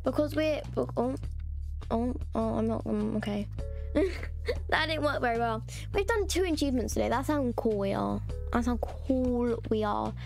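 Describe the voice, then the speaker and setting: A woman's voice: on the high side, normal speed, vocal fry, darkish tone, faint music behind. A woman chatting casually and rambling while she streams a game. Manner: chatty, rambling, self-mocking.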